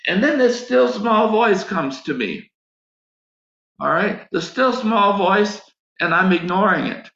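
A man's voice: high-pitched, animated, takes it slowly, gravelly, bright, forceful tone. A man preaching a sermon, telling a personal story and acting out his own prayers. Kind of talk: sermon testimony. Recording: echoey, dull lo-fi sound.

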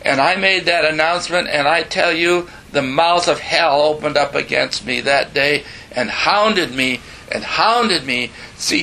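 A man's voice: high voice, pushed and bright, poor audio. A man in his seventies preaching a sermon, telling his own story earnestly with emphatic asides and bantering with the audience. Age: 70s. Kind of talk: sermon testimony.

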